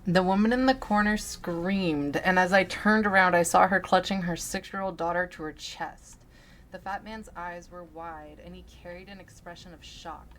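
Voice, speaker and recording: Lower-voiced woman reading a story aloud. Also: fairly bright tone, slight background noise. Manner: deliberate, dramatic reading with muttered asides. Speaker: story reader.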